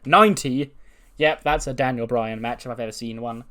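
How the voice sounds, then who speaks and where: A man's voice: mid-range voice, a little fast, sharp tone. Chatty man recapping a game. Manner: chatty, laughs and swears, restarts mid-sentence. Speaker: game commentator. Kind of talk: casual let's-play recap.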